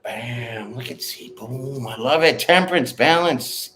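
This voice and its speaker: A man's voice: medium pitch, unhurried, bright, forceful tone, slight background noise. Direct, slangy male tarot reader. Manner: direct, bold, slangy, laughs often. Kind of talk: casual livestream tarot reading.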